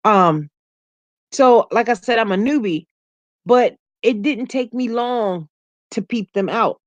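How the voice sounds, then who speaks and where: Slow-talking chatty woman, dry close sound. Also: on the high side, no echo, muffled recording. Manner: laughs often, chatty and animated storytelling. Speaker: YouTube livestream host. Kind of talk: casual livestream chat reading comments.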